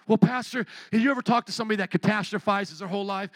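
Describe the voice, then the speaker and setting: A man preaching a sermon as pastor, animated, acting out whining complainers and shouting for emphasis. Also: very high-pitched, quick pace, few pauses, no echo.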